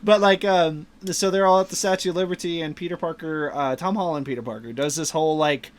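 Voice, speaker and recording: A man's voice: fairly high pitch, a little fast. A man hosting a podcast, animatedly retelling movie scenes in casual chat and laughing often. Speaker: podcast host.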